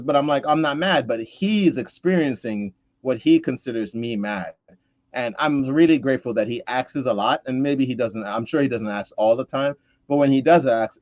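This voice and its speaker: Brief: male co-host, mid-pitched, earnest conversational podcast chat, dry lo-fi sound. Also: dry recording. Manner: reflective, earnest, with restarts and quoted asides.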